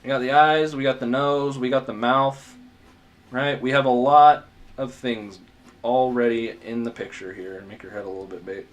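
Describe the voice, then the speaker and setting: A man's voice: medium pitch, flat delivery, normal speed. A man giving a casual drawing tutorial as he sketches, rambling, muttering asides to himself, self-mocking and swearing now and then. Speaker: art tutor.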